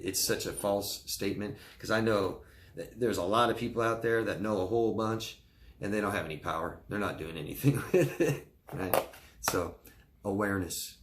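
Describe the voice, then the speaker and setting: A man's voice: low-pitched, a little hiss or hum. A male life coach giving advice in a live question-and-answer talk, speaking earnestly and informally, often checking in with "right?" and restarting his words.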